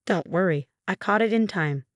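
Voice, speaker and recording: A woman voicing a steady, somber man who calmly delivers bad news. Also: medium pitch, normal speed, no room sound, studio quality, lightly acted.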